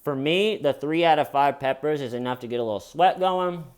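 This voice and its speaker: A young man's slightly high, clean-toned voice moves a little fast as he hosts a true crime comedy show. Seated at his desk, he jokes through a crime story with silly voices for the quotes and works in a sponsor read.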